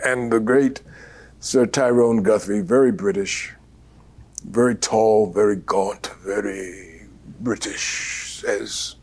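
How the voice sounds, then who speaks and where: Older husky man telling stories slowly. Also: fairly low pitch. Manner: unhurried, animated storyteller with many fillers. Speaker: guest actor. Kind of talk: storytelling interview.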